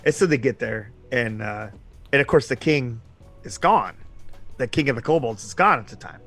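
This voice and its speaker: A man's voice: mid-range voice, expressive, normal speed, vocal fry, fairly bright tone, soft background music. A man telling a rambling, profanity-heavy story from a tabletop game, laughing often. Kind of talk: casual storytelling.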